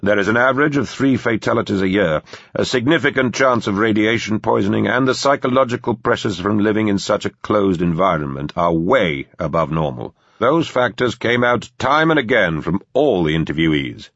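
A man voicing a calm, formal male security chief with a measured manner. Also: on the low side, no room sound, dull audio, pitched above the performer's own voice.

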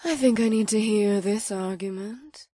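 A woman's voice: medium pitch, measured pace, dark tone, husky, no room sound, clean studio sound. A woman voicing a sly, ageless succubus who speaks in a playful, knowing way. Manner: playful, knowing, sing-song.

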